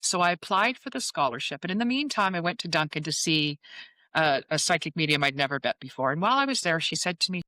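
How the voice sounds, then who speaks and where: A woman's voice: deep voice, fast talker, no room sound. A woman in her fifties, a psychic medium, telling a personal story as an interview guest and acting out the dialogue. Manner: animated storyteller who acts out quoted dialogue.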